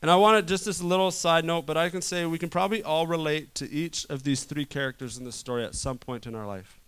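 A man preaching a sermon to a room, swinging from loud urgent stretches to quiet soft ones. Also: on the high side, fast, smooth. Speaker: pastor.

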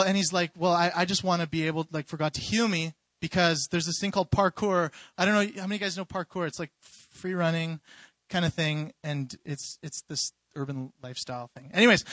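A young man telling a story in an informal sermon, animated and rambling, with many restarts and fillers. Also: high voice, no room sound. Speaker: youth preacher.

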